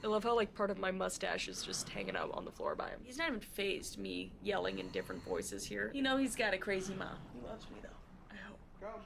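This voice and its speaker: A woman streamer giving casual, chatty reaction commentary with quick exclamations. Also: medium pitch, sing-song, vocal fry, background noise.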